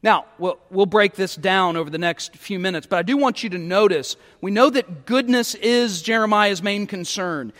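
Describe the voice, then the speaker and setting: A man's voice: high voice, moderate pace, few pauses, a bit bright, long reverb tail. A male pastor preaching a sermon, emphatic and repeating words as he starts phrases.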